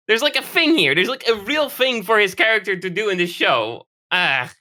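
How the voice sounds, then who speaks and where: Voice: mid-range voice, expressive, normal speed, sharp tone. A podcast co-host in casual chat, opinionated and swearing often, trailing off with "I don't know".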